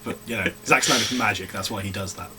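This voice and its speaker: A man co-hosting a casual film review chat, cracking quick wry jokes. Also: lowish voice, background noise.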